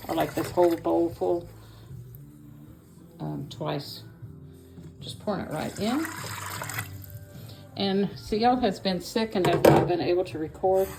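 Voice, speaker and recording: A slow, creaky, lowish voice with frequent pauses belongs to an older home vlogger from Kentucky, whose Appalachian Southern accent carries over loud music. She chats in a homey, rambling way, a touch out of breath, as she moves from her yard into her kitchen to cook.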